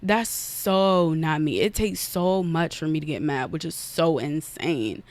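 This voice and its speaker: A young woman hosting a casual podcast, retelling a story in an animated, fast way and acting out her own outbursts, recorded on an iPad. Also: low-pitched, dry recording. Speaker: podcast host. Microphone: iPad on an unsteady stand.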